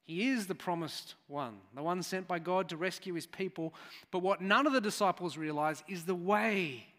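A man's voice: sits high, normal speed, a bit bright. A man preaching a sermon, chatty and storytelling, with asides to the congregation. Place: church hall. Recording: church hall reverb.

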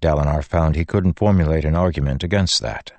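A man reading a fantasy novel aloud in a measured, steady narration. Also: a bass voice, no echo. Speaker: audiobook narrator.

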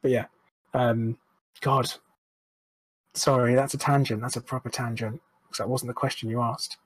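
A young man speaks openly and at length, drifting off on tangents and correcting himself as he goes. His voice sits at an ordinary middle pitch. The recording is dry and close, with no room sound. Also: level tone, normal speed, husky, dry recording. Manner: rambling, frank, self-deprecating, with restarts and swearing. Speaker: interview guest. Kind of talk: candid personal conversation.

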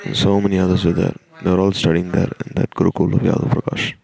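A man telling a devotional story in a slow, halting way, with frequent restarts. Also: low-pitched, little pitch movement, creaky, mellow.

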